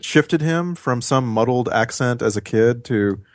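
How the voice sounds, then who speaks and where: A man trading wry, incredulous comments in a casual movie talk. His pitch moves around a lot, and the recording is dry and close. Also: lively intonation, measured pace, dry recording.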